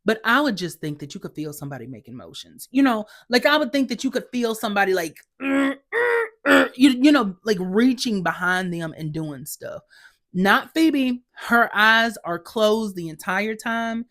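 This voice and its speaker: A woman hosts a podcast and recaps a TV episode in a casual, chatty way. She is sassy and exasperated, and her voice sits at a middle pitch for a woman. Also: animated, moderate pace, a bit bright. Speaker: podcast host.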